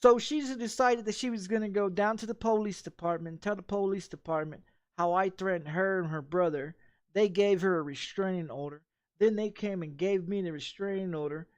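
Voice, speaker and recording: A game streamer in his thirties tells a story during a gameplay stream in a heated, profane rant full of repeats. His voice sits high, moving at a moderate pace, with no echo.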